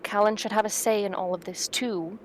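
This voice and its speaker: A woman playing a tabletop game, chatting casually in a teasing, quick-to-laugh manner. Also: medium pitch, steady tone, a little hiss or hum. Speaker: player.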